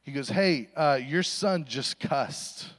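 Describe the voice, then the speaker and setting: A man's voice: mid-range voice, expressive, takes it slowly. A young adult man giving a sermon, telling a funny story and acting out voices in a self-deprecating way. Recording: reverberant hall recording.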